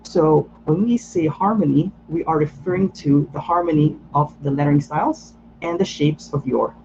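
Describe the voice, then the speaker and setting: A man with a fairly high voice leads an online workshop, walking through each step patiently and leaning on "so" and "um" as he thinks. The audio is a little dull, with a faint hum behind him. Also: gravelly. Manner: patient, explanatory, frequent "so" and "um" fillers. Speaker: lettering workshop instructor. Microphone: video call.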